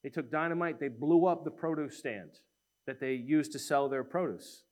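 A man preaching a sermon, telling a story in an animated way and acting out the voices of the people in it. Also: fairly high pitch, moderate pace.

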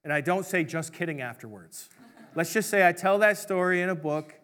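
A middle-aged male pastor giving a sermon in a conversational, joking storytelling manner, with quick voiced asides for the people in his stories. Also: high voice, lively intonation, fairly bright tone.

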